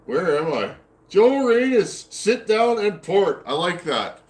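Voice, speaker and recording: A man's voice: high voice, sing-song, slow. Folksy Canadian man in an echoey workshop. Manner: folksy, rambling, answers chat comments aloud. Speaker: chainsaw builder hosting a live stream. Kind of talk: casual live-stream chat. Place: home workshop.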